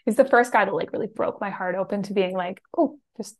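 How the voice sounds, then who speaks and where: A woman hosting a podcast, an animated storyteller who talks quickly and laughs often. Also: mid-range voice. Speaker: podcast host. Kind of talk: casual podcast conversation.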